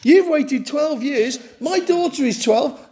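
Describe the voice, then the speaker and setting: A man's voice: very high voice, animated, slow, warm tone, pitched above the performer's own voice, heavily acted. A man preaching voices an anxious father pleading with someone to hurry, in an exasperated tone. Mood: impatient.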